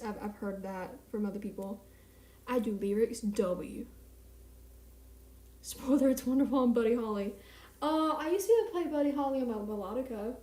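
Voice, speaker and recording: A woman's voice: a little high, mellow. Chatty young woman streamer, echoey room. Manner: chatty, rambling, self-mocking. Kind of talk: casual live-stream chat. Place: small home apartment at night.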